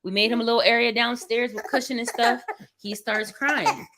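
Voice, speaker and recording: A woman's voice: on the high side, fairly even intonation, normal speed, sharp tone. A young woman hosting a livestream from her bedroom, talking candidly and emotionally to her viewers about feeling tired and overwhelmed with a baby. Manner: candid, rambling, emotional venting. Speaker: livestream vlogger. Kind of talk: casual chat to viewers. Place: bedroom at home.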